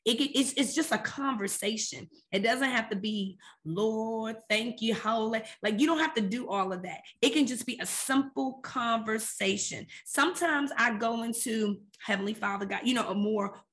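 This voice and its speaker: A woman's voice: fairly high pitch, normal speed, hardly any pauses, fairly bright tone. A woman co-hosting a faith podcast, talking about prayer in an earnest, conversational and emphatic way. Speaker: podcast co-host.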